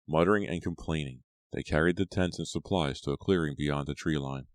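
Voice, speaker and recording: A man narrating an audiobook in a steady storytelling voice. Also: rumbling low, a little fast, few pauses, no room sound, clean studio sound. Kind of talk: scripted narration.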